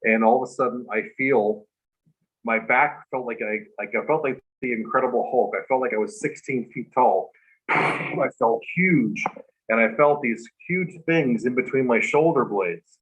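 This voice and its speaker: A man's voice: mid-range voice, normal speed, a bit bright, rough recording. A man guest on a talk show, earnestly telling a personal story in a rambling way, full of "like" and "you know".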